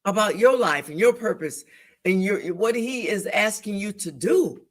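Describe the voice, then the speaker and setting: A woman co-hosting a church talk show, speaking in an animated, emphatic, preaching-like way, repeating phrases for emphasis and acting out inner voices. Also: medium pitch, moderate pace. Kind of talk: faith discussion, preaching-like.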